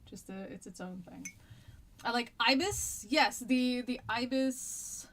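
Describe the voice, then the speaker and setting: A woman's voice: a little high, takes it slowly, a bit bright. An American woman teaching a history lesson on a live stream, chatty and rambling with frequent ums, and a stuffy nose with a cough.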